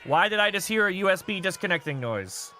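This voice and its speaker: A man hosting a live game stream, chatting off the cuff and reading messages from chat. His voice is high, bright and very animated, jumping up at every big moment in the match. Soft music plays in the background. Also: fairly quick, a little hiss or hum.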